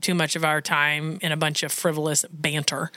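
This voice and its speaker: Young woman podcast host, rambling and giggly, lowish voice, bright edge. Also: flat delivery, normal speed, no room sound. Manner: chatty, laughs often, rambling asides. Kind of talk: casual faith podcast chat.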